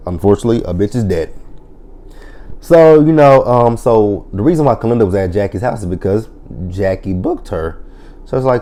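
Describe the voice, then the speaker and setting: A man's voice: fairly low pitch, expressive, a little fast, warm tone. A man casually recapping and reviewing a TV drama episode, blunt and profane, animatedly retelling scenes and quoting lines. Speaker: TV show reviewer.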